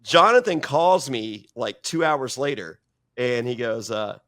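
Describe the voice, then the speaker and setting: Brief: man guest, swears freely, rambling anecdote full of restarts, mid-pitched everyday voice. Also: expressive, a little slow, a bit bright. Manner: profane, rambling with many restarts. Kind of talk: casual storytelling interview.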